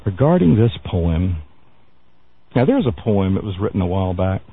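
Radio talk guy, gravelly husky voice, lots of uhs and restarts, sounds like a tinny phone line. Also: low-pitched, very animated. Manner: halting, many fillers and restarts, wry asides. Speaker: radio show host. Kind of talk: news commentary talk radio.

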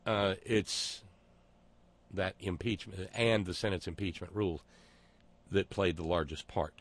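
A man's voice: sits low, fairly even intonation, a little slow. A man talking through a casual monologue, sarcastic and digressive, often stopping to restart his sentences.

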